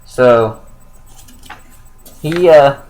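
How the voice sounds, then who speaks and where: A man's voice: medium pitch, drawn-out words, a little mellow, rough recording. A young man giving a casual, rambling spoken review of a comic book, with lots of fillers and self-corrections.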